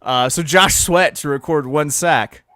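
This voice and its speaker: A man's voice: a little high, a little slow, fairly bright tone, no room sound. A man co-hosting a casual sports betting podcast, joking and quizzing his co-host as he reads out his picks.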